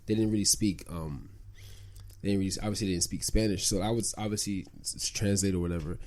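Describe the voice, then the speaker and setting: A young man with a fairly low voice chats casually as a podcast guest. He talks in a laid-back way, trailing off and starting his sentences over. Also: steady tone, fast, a little mellow, slight background noise. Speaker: podcast guest, basketball player. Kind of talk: casual chat.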